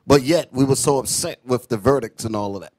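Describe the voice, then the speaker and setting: A man's voice: medium pitch, a little fast, a little mellow. A man in joining a sermon discussion and telling his own story. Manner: affirming, tells his own anecdote. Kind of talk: casual chat during sermon.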